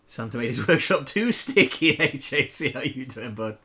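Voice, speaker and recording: A man's voice: mid-range voice, expressive, moderate pace, hardly any pauses, sharp tone, husky. A man chatting casually with his viewers during a live gameplay stream, playful and jokey, with casual swearing. He greets chat and reacts to the game as he plays.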